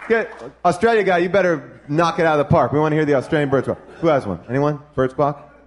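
A man's voice: a little high, fast talker. A man hosting a live comedy movie review show, joking with the audience and laughing often.

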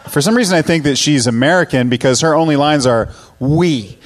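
A man's voice: on the high side, quick pace. A middle-aged man chatting casually about a movie, blunt and self-deprecating, rambling as he goes. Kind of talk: casual movie review chat.

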